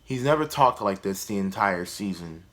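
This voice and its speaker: A man's voice: lowish voice, expressive, moderate pace, fairly bright tone. A man doing a casual comedy review vlog about a TV show, blunt, profane and sarcastic.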